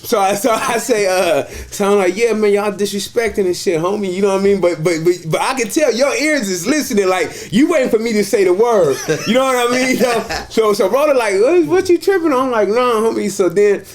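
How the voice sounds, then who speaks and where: A man telling a story from prison in casual chat, acting out the voices of people in it and getting loud and laughing as it builds. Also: sits high, brisk, hardly any pauses. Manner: acts out voices in his story, gets loud and laughing at the climax.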